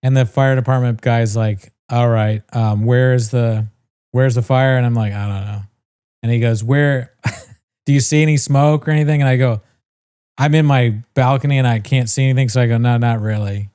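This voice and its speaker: A man's voice: medium pitch, normal speed, clean tone. Man telling a story, swearing. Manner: animated storyteller, swears freely, mimics voices. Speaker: podcast co-host. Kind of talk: casual storytelling chat.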